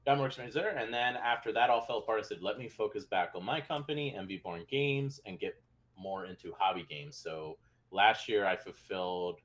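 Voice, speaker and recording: A man's voice: on the low side, brisk, a bit bright. A man who develops games, chatting casually in a laid-back, rambling, joking way. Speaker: game developer guest. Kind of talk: casual chat.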